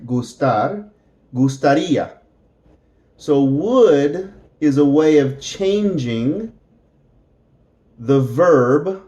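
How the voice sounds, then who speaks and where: A man teaching a beginner English lesson, drawing out example phrases slowly and clearly so learners can repeat them. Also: on the high side, animated, dark tone, highs cut off.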